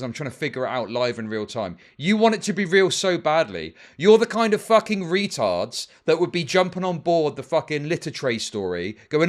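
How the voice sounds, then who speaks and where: Animated, heated male streamer ranting. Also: a little high, fairly quick, hardly any pauses. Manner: heated, profane ranting at chat. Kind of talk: livestream commentary.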